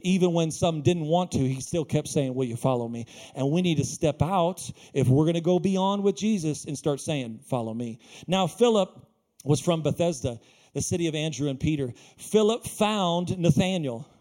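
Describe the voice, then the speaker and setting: A male pastor giving a sermon in a small church, animated and jokey, acting out the lines he quotes. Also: a little high, normal speed.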